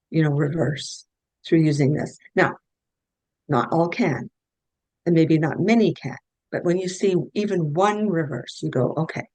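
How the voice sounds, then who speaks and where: A woman's voice: fairly low pitch, darkish tone, no room sound, poor audio. A middle-aged woman, a guest health practitioner, telling case stories in an earnest, anecdotal way and restarting her sentences often. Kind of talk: conversational interview storytelling.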